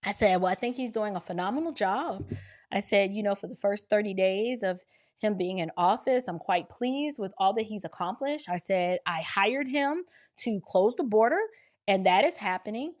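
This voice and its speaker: A woman from Georgia telling a story in lively casual speech, acting out the dialogue and talking to listeners as y'all. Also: mid-range voice, normal speed. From Georgia, near Atlanta. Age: adult with children. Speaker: storyteller recounting an encounter.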